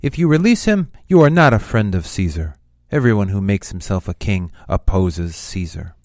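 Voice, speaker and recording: An angry crowd demanding loudly, as a man reads it. The voice rises high and loud over a low base. The sound is dry and close. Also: unhurried, dry recording. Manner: loud, raised shouting read.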